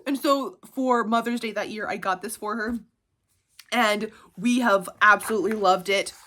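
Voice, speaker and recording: This picture book reviewer, a woman in her thirties, chats bubbly and relaxed about her favorites, with laughter breaking up her sentences. Her mid-range voice moves at normal speed and sounds pushed and bright.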